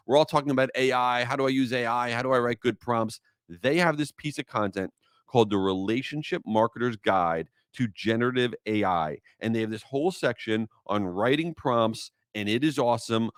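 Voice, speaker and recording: This man hosts his own podcast, chatting casually with plenty of energy and enthusiasm and wandering off into rambling asides. His voice is fairly low and clean, recorded with studio quality and no echo.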